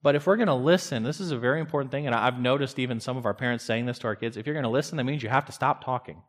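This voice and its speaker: A man preaching a sermon in an earnest way, pushing his voice up for emphasis, dropping it low, and sometimes stammering into a restart. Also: rapid-fire. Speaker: pastor.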